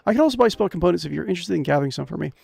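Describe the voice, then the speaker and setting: A man's voice: high voice, lively intonation, very fast, gravelly, a little mellow, husky, no echo, full character voice. Male streamer putting on a raised-voice fantasy healer woman, breezy and chatty with a foul-mouthed edge, dry close sound. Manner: sweet then suddenly profane. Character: snarky female village healer, chatty and protective.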